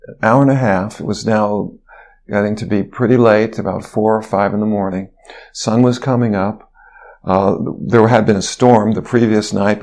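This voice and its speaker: A man's voice: lowish voice, vocal fry, darkish tone. A man, a physician guest on an interview show, telling a long anecdote in a rambling way, with fillers and restarts. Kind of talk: storytelling interview.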